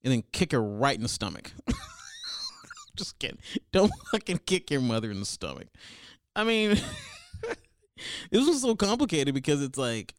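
A man's voice: a little high, wildly swooping pitch, moderate pace, dry recording, studio quality. A young man hosting a comedic advice show, rambling crude and over-the-top.

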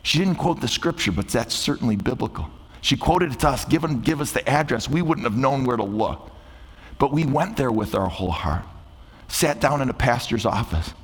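A man's voice: lively intonation, slightly rough. Man preaching in a reverberant church. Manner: rises loud and high on key points, drops soft and slow on refrains. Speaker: guest preacher. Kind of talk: sermon. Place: church sanctuary. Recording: long hall reverb.

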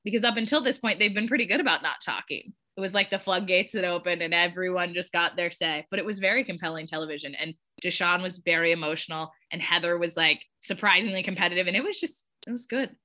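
Woman, podcast co-host, very bright voice, animated, casual swearing, chatty, video call. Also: on the low side, fast, few pauses. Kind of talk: casual group chat about a reality show.

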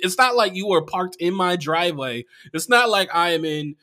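A man, a comedian, chatting casually on a podcast and telling profane, animated stories that jump into loud outbursts. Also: high-pitched, moderate pace, hardly any pauses.

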